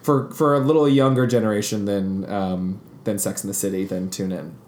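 A man chatting casually as a podcast guest, retelling scenes with quick asides. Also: fairly low pitch, steady tone, darkish tone. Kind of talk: casual chat. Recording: echoey room.

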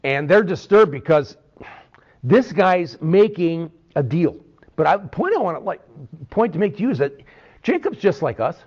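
A man teaching a Bible sermon in an animated way, often checking in with "okay?". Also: sits high, moderate pace. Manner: animated, peppers talk with "okay?". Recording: dull lo-fi recording.

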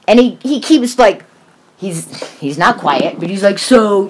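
A woman's voice: on the low side, normal speed, slight background noise. A woman in her forties telling a story in casual chat, swearing often and acting out what people said. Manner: animated, swears often, acts out quoted voices.

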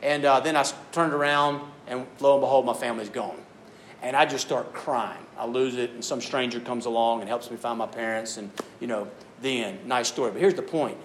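A man preaching to a youth group, telling stories and acting out voices with animated delivery. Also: mid-range voice, brisk, slight background noise. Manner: animated storytelling, acts out voices. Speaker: youth speaker. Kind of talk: youth sermon.

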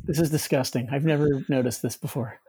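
A podcast guest making wry, quick remarks in casual film chat. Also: medium pitch, fairly even intonation, mellow, a little hiss or hum.

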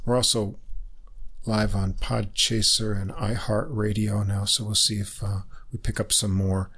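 A man's voice: on the low side, little pitch movement, measured pace, sharp tone, breathy edge. A man co-hosting a casual podcast, easygoing and full of "uh" fillers. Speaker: podcast co-host.

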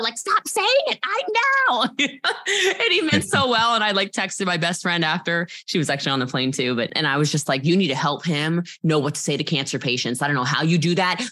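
A woman telling her own story in an interview, emphatic and animated, blunt and swearing freely. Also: sits low. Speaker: guest.

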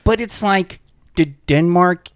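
A man co-hosting a casual podcast chat, animated and quick to laugh and swear. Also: high voice, dry recording, studio quality. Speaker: podcast co-host.

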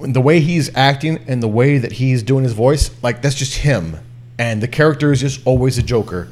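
A man's voice: medium pitch, normal speed. A man hosting a podcast in casual chat. He swears constantly and talks animatedly, pushing his voice up and down to make his points. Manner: heavy swearing, animated, drops and raises his voice to demonstrate. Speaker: podcast host.

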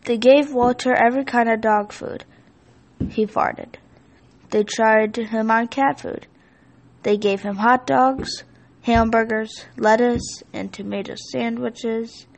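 High, gravelly woman reading a storybook. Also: slow, low-quality recording. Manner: steady, expressive read-aloud delivery. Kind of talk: reading a children's picture book aloud.

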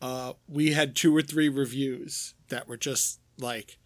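A man's voice: mid-range voice, steady tone, slow pace, dry recording. A man from New York City with a New York accent, co-hosting a podcast in blunt, wisecracking chat with lots of swearing. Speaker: podcast co-host.

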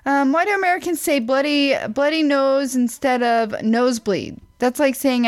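A woman with a somewhat high voice hosts a relaxed chat. She reads questions from a list one after another. Her delivery is dry and teasing. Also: moderate pace. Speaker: podcast co-host.

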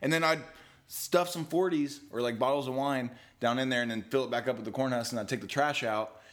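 A man's voice: mid-range voice, brisk, fairly bright tone. A young man co-hosting a podcast, bantering crudely and laughing in casual chat. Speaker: podcast co-host.

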